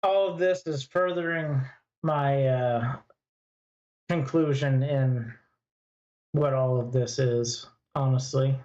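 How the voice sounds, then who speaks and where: Man with a mellow, dull lo-fi voice. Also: mid-range voice, steady tone, takes it slowly, pauses often. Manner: brief, matter-of-fact, assertive replies. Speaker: podcast co-host. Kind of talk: casual chat. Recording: dull lo-fi sound.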